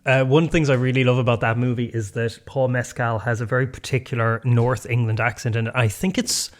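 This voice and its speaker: A man's voice: medium pitch, flat delivery, a little fast. A man co-hosting a casual podcast chat, talking thoughtfully with many hedges and fillers. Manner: thoughtful, hedging, lots of fillers. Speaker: podcast co-host. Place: North Clare, Ireland.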